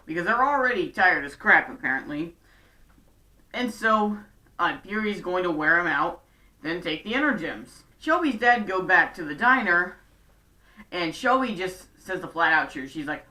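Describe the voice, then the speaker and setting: A woman's voice: on the low side, pushed and bright, distant mic. A woman giving a casual episode recap with chatty, sarcastic asides. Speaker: show recap vlogger.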